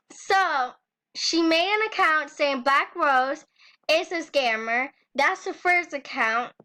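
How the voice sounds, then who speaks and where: Angry high-voiced young woman ranting. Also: sharp tone. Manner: angry, swearing, nervous laughs. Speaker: vlogger. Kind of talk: angry rant vlog.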